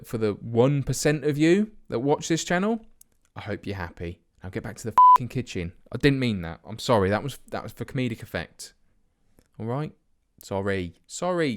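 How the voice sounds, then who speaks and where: A young man hosting a football management let's play, with sarcastic, self-mocking commentary. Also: medium pitch.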